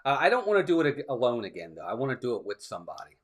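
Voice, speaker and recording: A man's voice: medium pitch, very animated, rapid-fire, a little hiss or hum. A man co-hosting a livestream, chatting casually and telling a rambling story, quoting people along the way. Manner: chatty storytelling, acts out ride motions and quotes. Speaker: co-host of a theme park livestream. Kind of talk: casual chat.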